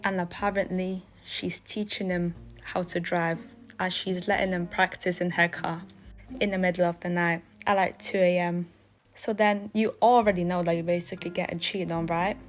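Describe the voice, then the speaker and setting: A woman's voice: lowish voice, flat delivery, normal speed. A young woman telling a personal story in a casual, matter-of-fact way, speaking to the listener as "you.". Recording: faint music behind.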